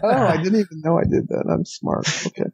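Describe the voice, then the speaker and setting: A young man co-hosts a gaming podcast, joking and laughing often as he reads listener emails in a casual chat. His voice is high-pitched and brisk, with a darkish tone and a breathy edge.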